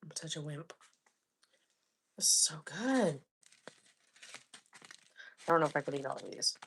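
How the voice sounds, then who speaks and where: A woman's voice: low-pitched, unhurried, gravelly, husky. A woman in her forties hosting a live cooking stream, chatting casually and humming between bites. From Florida. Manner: relaxed, chatty, hums with food between remarks. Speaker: livestream host cooking and eating. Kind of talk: casual live chat while eating.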